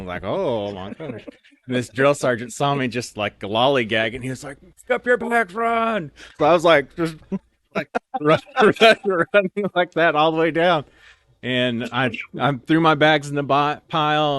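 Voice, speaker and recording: A man's voice: medium pitch, a bit bright, smooth. A man telling funny stories in a casual, rambling way, full of "like" and "you know.". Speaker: storyteller guest. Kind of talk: casual anecdotal storytelling.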